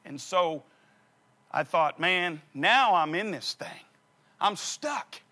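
A man's voice: sits high, expressive, slow, bright, forceful tone. A middle-aged man, a pastor telling a funny personal story in a sermon and acting out the dialogue. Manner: humorous, acts out the dialogue.

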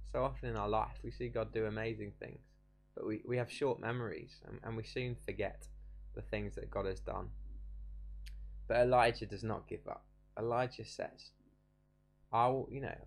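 A young man giving an informal devotional talk, casual and halting with many restarts. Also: on the low side, vocal fry, darkish tone. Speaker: preacher.

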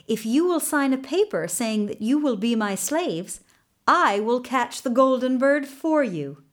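A woman's voice: a little high, lively intonation, measured pace, voice pushed up. A woman voicing a determined young prince in a storybook tale, eager and bold. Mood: confident. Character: bold young prince in disguise, the gardener's boy.

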